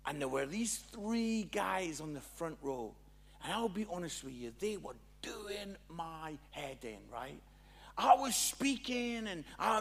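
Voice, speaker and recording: Pastor guy telling a story in a sermon, high husky voice, plays all the parts. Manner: animated, acts out both sides of dialogue.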